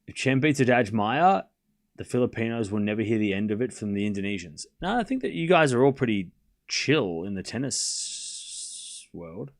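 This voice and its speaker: A man's voice: on the low side, sing-song, normal speed. A man hosting a live tennis watchalong stream, calling scores and chatting casually with viewers, rambling and laughing often.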